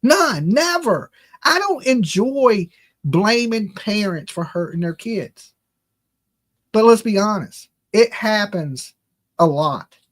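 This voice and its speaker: A man's voice: high voice, sing-song, takes it slowly. A middle-aged man hosting a casual livestream, blunt and opinionated, talking straight to his chat. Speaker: true crime livestream host.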